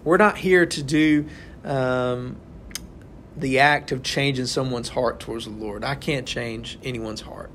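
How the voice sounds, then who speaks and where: A man's voice: medium pitch, a little slow, fairly bright tone, slight background noise. A young man leading a casual Bible study, talking to the group and checking in with "right?" again and again. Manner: conversational, keeps asking "right?". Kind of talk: informal sermon to a small group.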